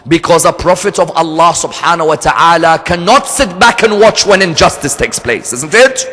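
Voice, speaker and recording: A man's voice: on the high side, expressive, normal speed, pushed and bright, faint music behind. A man preaching a sermon and telling a story, earnest and fond of rhetorical questions to his audience. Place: hall of a religious center. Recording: echoey hall.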